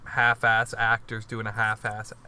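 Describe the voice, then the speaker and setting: A man in a casual chat with friends, tossing in quick wisecracks and swearing. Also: on the low side, completely flat delivery, pushed and bright, a little hiss or hum.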